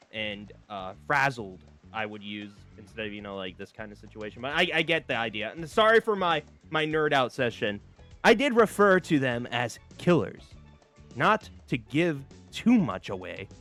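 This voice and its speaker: A man streaming a dating game, reading it aloud with animated, laughing, rambling asides. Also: mid-range voice, unhurried, faint music behind. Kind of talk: casual gameplay commentary.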